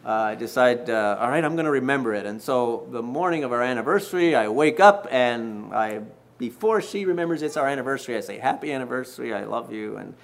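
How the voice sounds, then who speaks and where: A man in his sixties preaching to husbands in a folksy storytelling manner, with restarts and gentle self-mockery. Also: medium pitch, animated, brisk. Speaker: pastor. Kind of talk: sermon to married men.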